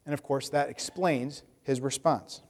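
A man's voice: mid-range voice, steady tone, measured pace, long reverb tail. A man preaching a conversational sermon, acting out the voices of the people in his story. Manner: conversational, acts out voices of Bible figures. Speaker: pastor.

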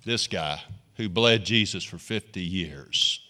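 Animated pastor, bright voice. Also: male voice, low-pitched, slow pace. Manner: animated, leads call-and-response with the congregation. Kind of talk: sermon.

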